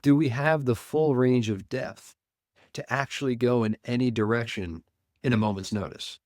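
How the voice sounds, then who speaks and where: A man, a men's coach, speaking earnestly and deliberately as a guest in an interview. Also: medium pitch, darkish tone, no room sound, studio quality. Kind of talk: reflective interview talk.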